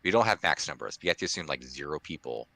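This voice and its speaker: A man's voice: rumbling low, animated, rapid-fire, gravelly, sharp tone, no echo. A man co-hosting a podcast in casual chat, rambling with many restarts and fillers. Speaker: podcast co-host.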